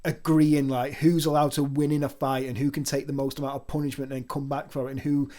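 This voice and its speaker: A man's voice: medium pitch, little pitch movement, a little fast, dark tone. A man co-hosting a casual podcast, chatty and teasing with lots of restarts. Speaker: podcast co-host.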